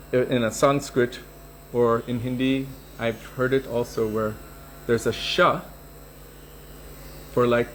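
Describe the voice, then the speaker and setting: A man teaches a scripture class in an unhurried, explaining manner, his voice at an ordinary middle pitch. A faint hiss lies under the recording. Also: poor audio.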